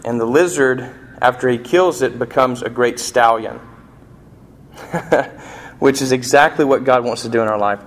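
A man's voice: mid-range voice, fairly even intonation, unhurried. A man preaching a sermon in a folksy, conversational storytelling manner. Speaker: pastor.

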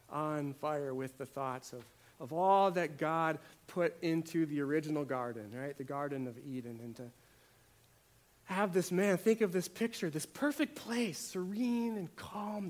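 A man preaching a sermon, swinging between hushed, quiet lines and loud, emphatic ones, often repeating words for emphasis. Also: on the high side.

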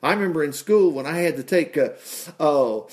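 A man's voice: fairly high pitch, animated, a little fast. A middle-aged man preaching, reading scripture aloud with folksy asides and exclamations of praise. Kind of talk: folksy Bible-reading sermon.

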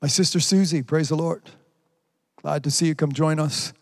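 A man's voice: a little high, fairly even intonation, moderate pace. A man preaching a livestreamed sermon, fervently reading out viewers' comments and exclaiming praise between them. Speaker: pastor.

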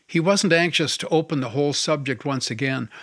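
A man narrating a novel in a measured, even reading. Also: a little high, dry recording, studio quality. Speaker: audiobook narrator. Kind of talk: scripted narration.

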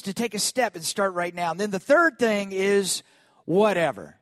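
A man preaching a sermon, telling a personal story in a lively way and calling on the congregation to respond. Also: high voice, moderate pace, no echo, studio quality. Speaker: pastor.

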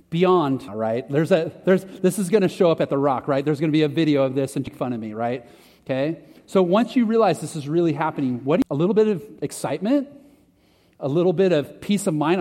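A man's voice: fairly high pitch, lively intonation, moderate pace, darkish tone. A man preaching a conversational sermon, talking casually and poking fun at himself. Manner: conversational, self-deprecating preaching with restarts. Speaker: pastor. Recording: long hall reverb.

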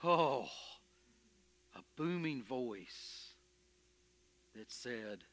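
A man playing Moses in a dramatic first-person sermon, telling his story with emphatic, expressive energy and stammering when anxious. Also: medium pitch, drawn-out words. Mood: earnest. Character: Moses, earnest, stubborn, curious shepherd. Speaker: preacher in character.

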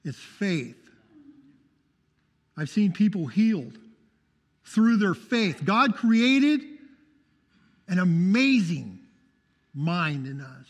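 A man with a notably high voice preaches his testimony with fervor and keeps calling out for amens. The sound carries a long reverb, as if from a church hall. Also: very animated, very slow, pauses often. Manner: fervent, calls out for amens. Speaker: testimony speaker.

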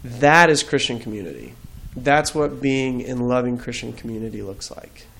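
A man speaks as a guest in an interview. He talks earnestly and reflectively, with a mid-pitched voice, recorded on a studio mic. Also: expressive, normal speed, vocal fry, fairly bright tone, slight background noise. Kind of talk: faith interview storytelling.

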